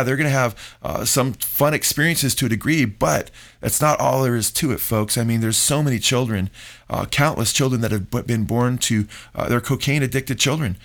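A middle-aged man, a pastor hosting a radio talk show, preaching emphatically and calling his listeners folks. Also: mid-range voice.

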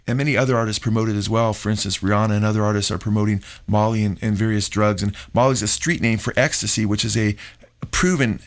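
A man's voice: fairly low pitch, steady tone, fast talker. A middle-aged man, a pastor hosting a radio talk show, preaching emphatically and calling his listeners folks.

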